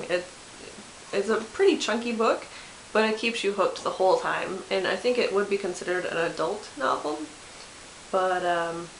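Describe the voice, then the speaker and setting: A gravelly, medium-pitched voice belongs to a twenty-something book vlogger chatting casually about books she loves. Chatty and self-deprecating, she uses lots of fillers and keeps restarting and correcting herself, recorded in an echoey room with faint hiss.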